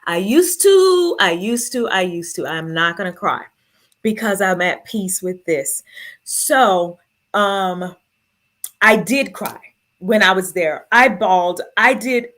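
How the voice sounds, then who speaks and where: A woman's voice: mid-range voice, lively intonation, slow pace, a bit bright. A woman telling her own story to an audience, earnest and emotional, holding back tears. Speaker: speaker sharing her story.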